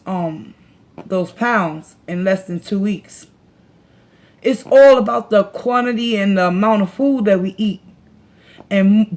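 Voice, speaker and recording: A woman hosting a casual livestream, chatting with viewers in a slangy, laughing way and reading their comments aloud. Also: mid-range voice. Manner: slangy, laughs a lot, talks to chat. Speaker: tarot reader and livestream host.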